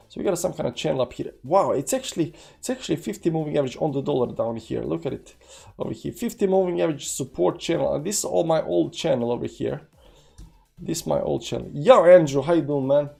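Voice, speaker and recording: His voice sits a little high, husky and dark in tone, with vocal fry. He is a crypto trading livestream host who speaks accented non-native English, casually rambling through charts and reading the chat aloud with lots of fillers.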